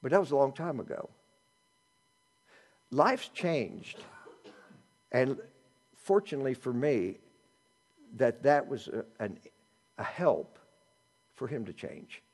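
A middle-aged male pastor preaching a sermon, animated, with joking asides and swings between loud and hushed delivery. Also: mid-range voice, takes it slowly, pauses often.

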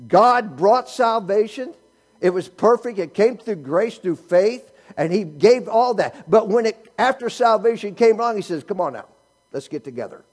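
Preacher guy, kinda husky, high voice bouncing all over, joking with the congregation. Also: unhurried. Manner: animated preaching, rhetorical questions, teasing humor. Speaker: pastor. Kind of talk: sermon.

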